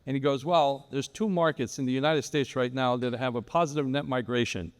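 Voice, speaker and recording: A man's voice: mid-range voice, fairly even intonation, fairly quick, clean tone. A man on a live real estate panel, telling a long story with many restarts. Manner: rambling storyteller, frequent restarts. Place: large hall at a live event. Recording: reverberant hall sound.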